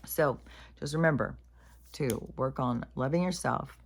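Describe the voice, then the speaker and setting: Very deep-voiced, blunt, profane woman. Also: unhurried, vocal fry. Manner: plain-spoken, calls herself raunchy. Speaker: spiritual vlogger. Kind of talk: casual spiritual monologue to camera.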